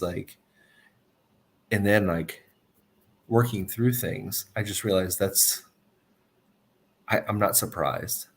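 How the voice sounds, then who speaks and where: A man's voice: lowish voice, takes it slowly, vocal fry, long pauses, breathy edge. A man speaking as a podcast guest in casual chat, thinking aloud in a reflective, hesitant way. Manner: reflective and hesitant, many restarts.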